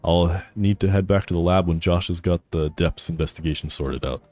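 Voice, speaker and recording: A man's voice: deep voice, fairly even intonation, brisk, mellow, voice pushed down, close to an everyday voice. A man voicing an eccentric older male researcher who reads his game lines in a theatrical, dramatic way.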